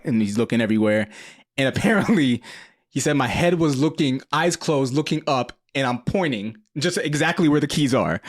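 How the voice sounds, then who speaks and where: Male podcast guest, mid pitch, loose storyteller who keeps laughing, dry room. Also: moderate pace, no echo. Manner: animated, laughs often while telling a story. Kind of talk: casual storytelling chat.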